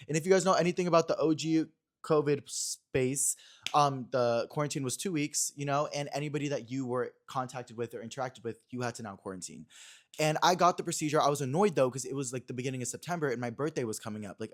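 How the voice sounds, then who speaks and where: A young man hosting a podcast in a small room, chatting casually and acting out quotes as he retells a story. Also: medium pitch. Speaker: podcast host.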